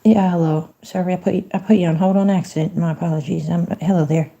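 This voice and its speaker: A woman's voice: fairly low pitch, fairly even intonation, fast talker, mellow, muffled recording. A woman livestreaming from home in a folksy, chatty manner, talking to her viewers and to a phone voice assistant. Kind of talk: casual livestream chat.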